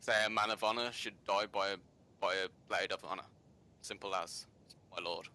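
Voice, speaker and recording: A grim space marine warrior, played by a man, answers in terse, quiet lines. His voice is deep and flat, with a sharp, bright edge. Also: normal speed.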